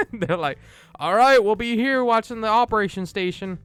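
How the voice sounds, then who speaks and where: A movie reviewer with a fairly high, expressive, smooth and somewhat bright voice retells a film's plot at a moderate pace in a dry recording. He's loose and profane, laughing and acting out the characters' lines.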